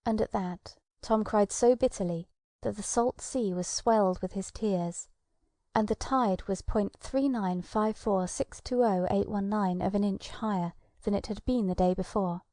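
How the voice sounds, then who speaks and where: A woman reading a children's storybook aloud, narrating gently with soft whispered asides. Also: medium pitch, measured pace, no echo, clean studio sound. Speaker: audiobook narrator.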